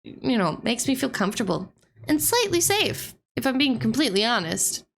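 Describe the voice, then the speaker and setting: A woman's voice: a little high, sing-song, moderate pace, vocal fry. A woman streamer chatting casually and giggling while she reacts to a gaming video.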